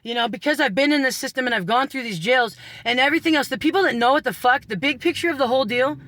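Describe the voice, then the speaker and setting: High-voiced man ranting, swearing, laughing. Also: quick pace, pushed and bright, no room sound. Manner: swears constantly, laughs through his story; rambling, sarcastic, breaks off into asides. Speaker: vlogger. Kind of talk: profane storytelling rant.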